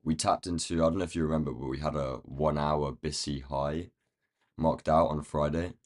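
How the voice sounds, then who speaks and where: A man with a croaky, rough-sounding voice, thinking aloud in casual commentary as he marks up trading charts on a live stream. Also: a bass voice, fairly even intonation, normal speed, darkish tone. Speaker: day trading livestream host.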